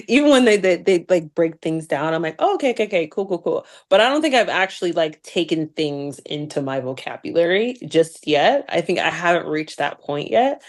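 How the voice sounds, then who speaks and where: A woman actress and producer chatting as a guest in a casual interview, animated and laughing often, with many fillers. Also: deep voice, normal speed.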